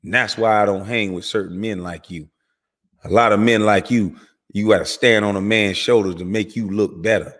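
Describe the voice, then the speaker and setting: A man's voice: fairly even intonation, a bit bright, in a large hall. A man delivering an angry, profane commentary rant as host of his channel. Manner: heated, profane, rapid swings in pitch and volume.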